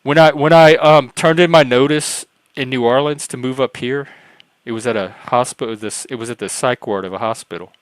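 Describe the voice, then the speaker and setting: A man's voice: mid-range voice, fairly quick, no room sound. A man on a livestream panel telling a personal story in casual talk, earnest and rambling, with frequent restarts and self-corrections. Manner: earnest, acts out quoted dialogue.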